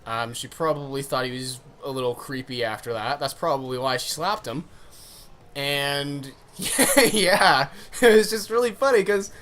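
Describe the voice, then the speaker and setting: A man's voice: mid-range voice, a little slow, a bit bright. A young man casually telling a funny story on his vlog, rambling and swearing as he goes. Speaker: vlogger.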